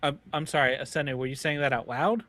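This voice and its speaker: A man's voice: mid-range voice, quick pace, a bit bright, dry recording. A man playing a tabletop game, talking in a hesitant, wheedling way with many fillers. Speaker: player. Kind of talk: casual tabletop game chat.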